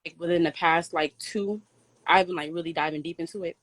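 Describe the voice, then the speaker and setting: A young woman chatting casually about a personal experience, relaxed and full of "like". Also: on the low side, brisk. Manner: relaxed, filler-heavy, says "like" a lot. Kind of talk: casual chat.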